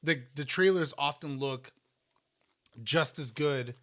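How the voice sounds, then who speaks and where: A man's voice: on the high side, takes it slowly, sharp tone. A man co-hosting a casual eating podcast, rambling and restarting as he talks with food in his mouth. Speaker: podcast co-host. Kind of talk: casual chat while eating.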